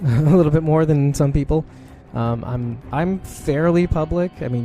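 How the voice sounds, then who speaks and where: A rambling podcast host chats casually into a desk mic at home, his voice mellow and gravelly. Soft music plays faintly underneath. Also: mid-range voice. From Brooklyn, New York. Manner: rambling, chatty, frequent laughs and fillers. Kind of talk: casual live-stream chat.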